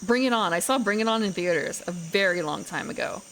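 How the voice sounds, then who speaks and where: A woman's voice: mid-range voice, lively intonation, fairly quick, fairly bright tone, slight background noise. A woman streamer chatting casually while she plays, rambling and correcting herself as she goes. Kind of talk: casual gaming commentary.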